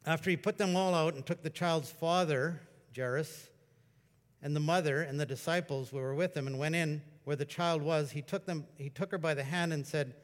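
Male preacher, slightly high voice, conversational sermon delivery, long hall echo. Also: moderate pace. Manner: conversational storytelling preacher, bursts into excited exclamations. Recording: long reverb of a large hall.

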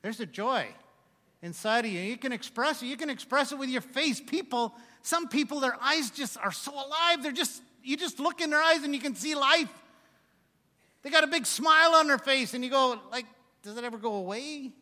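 A man delivers a sermon from the pulpit in a high, bright voice. He breaks up his scripture readings with joking, self-mocking asides. The sound carries a long reverb from the hall. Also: normal speed. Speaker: preacher.

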